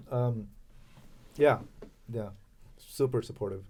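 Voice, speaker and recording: A man from Los Angeles speaking as a podcast guest in casual, halting talk with many fillers and restarts. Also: mid-range voice, fairly bright tone. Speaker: podcast guest, chamber of commerce president. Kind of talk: casual interview chat.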